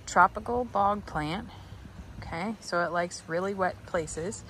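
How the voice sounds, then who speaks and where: A woman's voice: on the low side, a little slow, fairly bright tone, a little hiss or hum. A woman chatting casually while browsing an outdoor garden center and talking to plants. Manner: chatty, talks to plants and a dog. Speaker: vlogger. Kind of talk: casual walking vlog.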